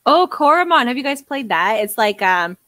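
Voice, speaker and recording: A woman's voice: fairly high pitch, big pitch swings, moderate pace, fairly bright tone, no echo. A young woman co-hosting a podcast, chatting casually in a giggly, self-mocking way. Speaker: podcast co-host. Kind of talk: casual chat.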